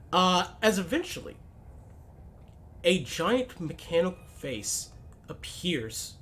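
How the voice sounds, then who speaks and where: A man narrating as game master of a tabletop game, lively and animated. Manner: lively, animated narration with booming quoted lines.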